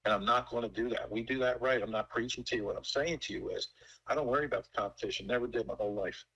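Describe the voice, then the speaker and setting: A man's voice: lowish voice, fast talker, vocal fry, fairly bright tone, breathy edge, rough recording. A man in his sixties who owns a pool company, talking casually and emphatically in a folksy, storytelling way. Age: 60s. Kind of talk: casual sales call.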